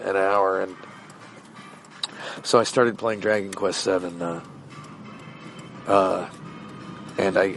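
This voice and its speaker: A man hosting a podcast, telling a rambling casual anecdote in a meandering way, full of fillers and restarts. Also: fairly low pitch. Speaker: podcast host. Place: outdoors, walking around shops.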